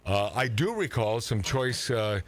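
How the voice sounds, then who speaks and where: A man hosting an irreverent political talk radio show, loud and mocking, interrupting often with many fillers. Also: medium pitch, sing-song, a little slow.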